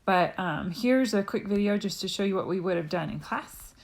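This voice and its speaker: A woman's voice: medium pitch, animated, moderate pace, creaky. A woman, a Spanish teacher, patiently explaining a lesson with frequent ums. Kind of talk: recorded classroom lesson.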